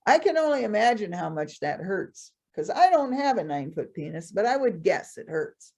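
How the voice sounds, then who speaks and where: A woman telling traditional trickster stories live, animated, with playful asides. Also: medium pitch, normal speed, vocal fry. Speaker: storyteller.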